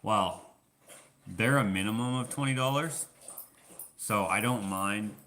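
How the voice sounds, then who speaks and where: Rambling low-voiced man vlogging. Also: unhurried, sharp tone, a little hiss or hum. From Canada. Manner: rambling storyteller, many fillers. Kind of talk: casual Q&A vlog chat.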